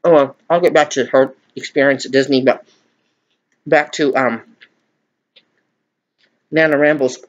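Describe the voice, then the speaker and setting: A man's voice: medium pitch, steady tone, a little slow, pauses often, lo-fi sound. A middle-aged man in a chatty eating vlog, rambling and laughing as he talks to viewers. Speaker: vlogger. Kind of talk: mukbang chat, eating on camera.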